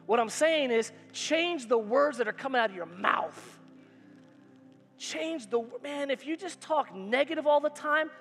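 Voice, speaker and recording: A man preaches from a church sanctuary, voice extremely high and a bit bright. The sermon is forceful and repetitive, built around call-and-response, while faint music and the echo of the hall come through the recording.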